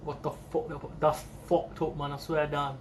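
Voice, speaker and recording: A man's voice: on the high side, a little slow, slight background noise. A young British man reacting to an album in casual, slang-heavy, swear-filled commentary. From United Kingdom. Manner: slangy, swears often, excitable. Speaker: music reaction video host.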